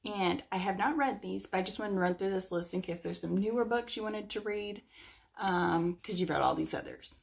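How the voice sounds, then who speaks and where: A woman's voice: medium pitch, normal speed, gravelly. A young woman chatting casually about books she recommends, rambling a little with lots of fillers. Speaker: book reviewer. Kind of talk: casual chat.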